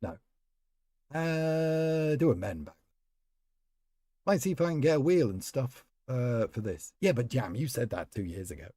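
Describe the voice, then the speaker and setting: A man chats casually while streaming a game, rambling and calling viewers by name. His voice is mellow and its pitch moves freely, recorded dry and close. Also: sing-song, a little slow, pauses often, dry recording. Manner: rambling, chatty, talks to chat members by name. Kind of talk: casual live-stream chat while playing.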